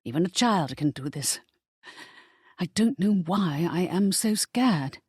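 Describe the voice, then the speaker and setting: A woman's voice: on the low side, expressive, slow, a little mellow, slightly rough, dry recording, studio quality, pitched above the performer's own voice, heavily acted. An audiobook reader voicing a timid young noblewoman who talks in a shaky, anxious way. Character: timid young noblewoman, fearful, self-doubting.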